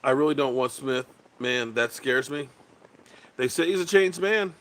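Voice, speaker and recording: A man hosts a casual sports livestream, his voice bright and forward with a lively, swooping pitch. He rambles loosely, reads viewers' comments aloud, and curses bluntly. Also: a little slow. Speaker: sports channel host.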